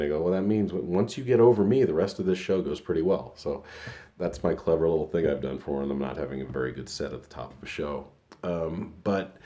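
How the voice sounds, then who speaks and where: Very deep-voiced man in his fifties. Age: 50s. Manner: rambling with many restarts, soft-spoken and reflective. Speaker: podcast host and comedian. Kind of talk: casual personal storytelling.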